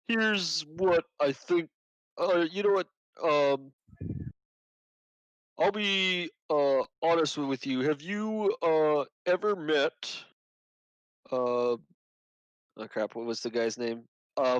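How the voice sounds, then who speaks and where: A man's voice: on the high side, slow, pauses often, no echo, lo-fi sound. A man playing a tabletop game, hesitant and full of ums as he bluffs in character. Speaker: player. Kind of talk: tabletop role-play.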